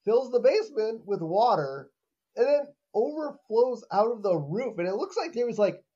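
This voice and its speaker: A man's voice: very high voice, normal speed, breathy edge, dull audio. A man co-hosting a podcast, chatting casually and incredulously as he recaps an episode, with lots of "like" and "uh". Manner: animated, incredulous, many fillers. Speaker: podcast co-host.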